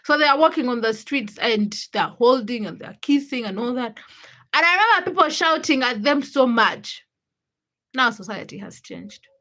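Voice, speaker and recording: Young woman chatting on a livestream, bright tone, kinda high voice, acts out the stories. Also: normal speed. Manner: animated storytelling, acts out quotes with laughter. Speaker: livestream host. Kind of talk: casual livestream chat.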